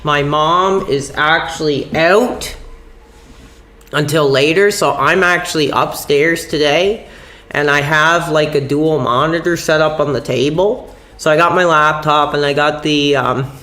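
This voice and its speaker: A man's voice: fairly high pitch, bright, forceful tone. A young man live-streaming from home, rambling casually and agitatedly, with frequent "dude" and minced swears. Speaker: livestreamer. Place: at home, upstairs room.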